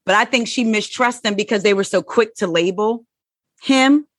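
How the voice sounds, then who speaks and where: A woman in her forties talking candidly in a casual chat, animated and telling personal stories. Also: medium pitch, normal speed, no room sound, studio quality. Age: 40s. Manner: candid and animated, acts out quoted voices. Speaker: podcast guest.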